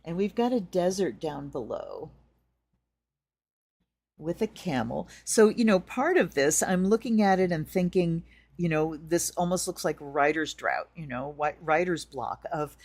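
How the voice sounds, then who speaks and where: A middle-aged woman talks through a tarot spread in a loose, chatty way. She drifts into stories and acts out the quotes in them. Her voice sits low. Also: expressive, a little slow, a little mellow. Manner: chatty, storytelling with acted-out quotes. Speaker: tarot reader. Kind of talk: casual tarot reading.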